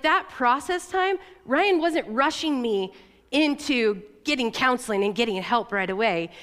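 Middle-aged woman church leader, candid sermon delivery, clear resonant tone, reverb of a large hall. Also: on the high side, a bit bright. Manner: conversational, candid, with fillers and self-corrections.

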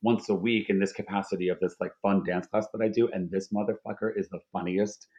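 A man from the Philadelphia area with a fairly low voice talks in loose, rambling podcast chat. He restarts his sentences often and swears freely, and the recording sounds dull and lo-fi. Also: steady tone, fast talker, darkish tone. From Philadelphia area, USA. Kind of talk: casual chat.

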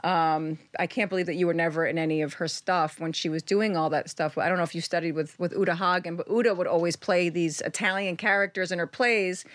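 A woman's voice: lowish voice, steady tone, fairly quick, hardly any pauses, dry recording. A woman of fifty from Queens with a New York accent, hosting a chat show and swearing freely. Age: 50s. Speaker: podcast host. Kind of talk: casual chat.

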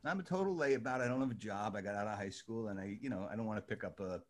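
An older man from New Jersey telling a lively anecdote, acting out the voices of the people in it. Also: lowish voice, quick pace. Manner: lively, acts out voices in his story. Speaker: storyteller guest.

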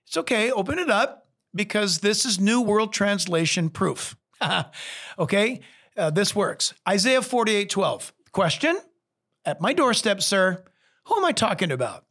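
A pastor with a high voice teaches from the Bible, speaking a little slowly. He is animated and emphatic, addressing the listener directly.

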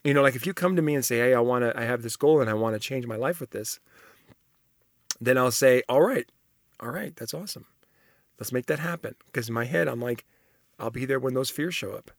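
A man's voice: mid-range voice, fast talker, dry recording, studio quality. A man talking casually and enthusiastically, reading out personality test results and reacting with frequent laughter. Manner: enthusiastic, rambling, laughs often.

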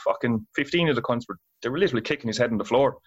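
A man's voice: medium pitch, very fast, husky. An Irish man in his thirties, a band guitarist, telling tour stories casually, swearing a lot and laughing as he goes. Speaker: band guitarist and singer, guest. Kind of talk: casual storytelling. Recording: dull lo-fi sound.

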